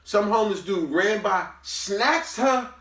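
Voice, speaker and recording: Animated man telling a story. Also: sits high, measured pace. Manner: animated, emphatic, preachy asides. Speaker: book review host. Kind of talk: casual storytelling. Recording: roomy, from a distance.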